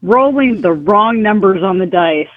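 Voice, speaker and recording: High-voiced man on a dull, lo-fi mic. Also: lively intonation, measured pace, no echo. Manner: easygoing, asks the questions, chuckles. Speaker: podcast co-host. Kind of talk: casual chat.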